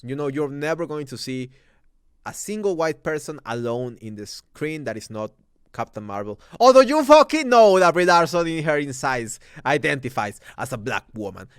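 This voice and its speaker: A man's voice: medium pitch, expressive, moderate pace, clean tone, no echo, studio quality. A man from Mexico, hosting a movie review and ranting heatedly with heavy swearing.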